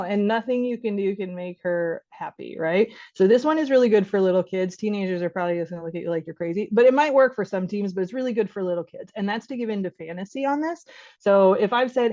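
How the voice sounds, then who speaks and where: A woman's voice: medium pitch, a little fast, darkish tone, no room sound, highs cut off. A woman physician giving an online training workshop for caregivers, talking conversationally and acting out short exchanges, often laughing. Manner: conversational, acts out child and parent voices, laughs often.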